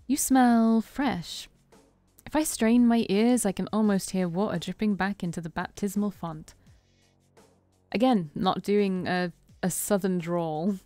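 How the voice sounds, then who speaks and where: A woman streamer reading a visual novel aloud in an expressive voice, stopping for chatty, self-deprecating asides. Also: lowish voice, dry recording. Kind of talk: reading game text aloud with casual asides.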